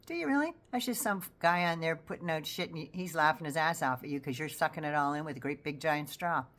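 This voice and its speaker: A woman's voice: low voice, level tone, quick pace, fairly bright tone. An older woman giving blunt, sarcastic political commentary in a casual vlog, swearing freely.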